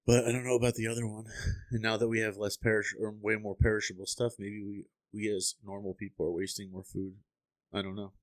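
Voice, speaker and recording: A man's voice: on the low side, flat delivery, a little fast, no room sound. A young man co-hosting a casual podcast, telling stories animatedly, swearing and acting out the people he quotes. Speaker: podcast co-host. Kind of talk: casual chat.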